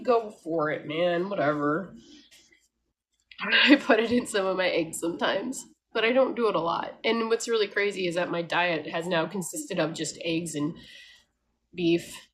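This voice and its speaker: Frank, animated woman ranting on camera. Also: mid-range voice, slightly rough. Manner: animated, frank, laughs often, mimics others. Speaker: homesteading vlogger. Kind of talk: casual talking-head rant.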